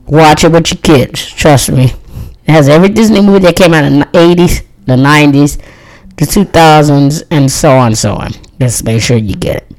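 A woman's voice: sits low, a little mellow, rough recording. A woman in her thirties chatting casually as host, reviewing movies in a rambling, friendly way and laughing often. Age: 30s. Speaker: podcast host.

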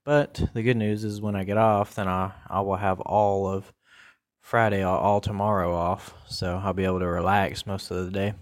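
Male podcast host with a lowish voice; relaxed, rambling solo chat full of ums and uhs. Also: normal speed. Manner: rambling and laid-back, with many fillers.

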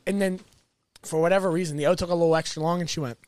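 High-voiced man telling a rambling story. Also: very fast, dry recording. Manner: swears freely, rambling animated storyteller. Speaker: podcast host. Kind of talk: casual podcast chat.

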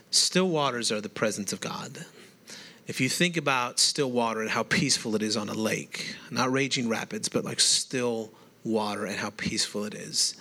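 A man's voice: mid-range voice, pushed and bright. A male pastor giving a sermon who speaks emphatically and builds his points one after another.

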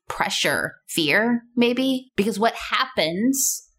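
A woman's voice: fairly high pitch, expressive, slow, fairly bright tone, husky. A woman in her thirties hosting a casual solo podcast, chatty and playful, full of rhetorical questions. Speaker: podcast host.

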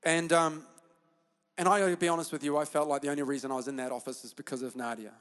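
A man's voice: fairly high pitch, steady tone, fast, fairly bright tone. A man preaching a sermon as a pastor, confessional and impassioned, rallying the congregation. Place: church auditorium. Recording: long hall reverb.

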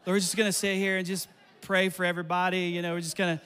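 Middle-aged male pastor, very high voice, animated sermon storytelling. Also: clear, resonant tone. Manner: animated storytelling with laughs and quick asides.

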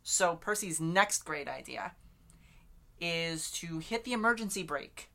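Bright-voiced chatty woman recapping a book. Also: lowish voice, lively intonation, a little slow. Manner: chatty recap, filled with "like" and "literally". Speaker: podcast co-host. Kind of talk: casual book discussion.

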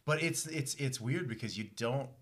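A man with a husky voice reflects in a casual podcast chat and laughs easily as he talks. He comes from New Mexico. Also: mid-range voice, normal speed. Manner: reflective, laughs while talking. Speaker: podcast co-host.

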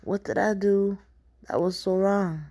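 A woman's voice: mid-range voice, fairly even intonation, unhurried, warm tone. Woman reading her book in spoken-word style. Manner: intense, poetic, rhythmic delivery.

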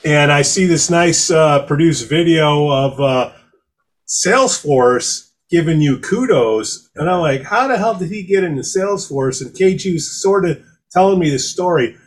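A man's voice: fairly high pitch, lively intonation, unhurried. A man co-hosting a casual podcast, joking and teasing the guest. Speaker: podcast co-host.

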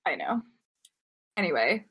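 A young woman co-hosting a casual chat, relaxed and opinionated, with lots of filler words. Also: lowish voice, unhurried, vocal fry, husky. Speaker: podcast co-host. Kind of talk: casual chat about anime.

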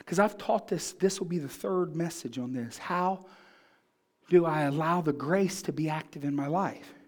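A man's voice: on the high side, moderate pace. A man pastor preaching a sermon, asking the congregation questions and building in fervor.

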